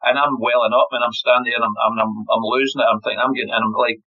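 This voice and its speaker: A man's voice: medium pitch, level tone, rapid-fire, hardly any pauses. A Scottish man in his fifties, a former golfer, telling a story in a podcast interview with lots of energy, often repeating words. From Scotland. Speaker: guest, former golf pro. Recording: slightly dull podcast audio.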